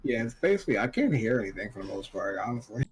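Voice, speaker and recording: A man's voice: medium pitch, big pitch swings, fast talker, slight background noise. A male player chatting in an easygoing, apologetic way. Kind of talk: casual chat over voice call.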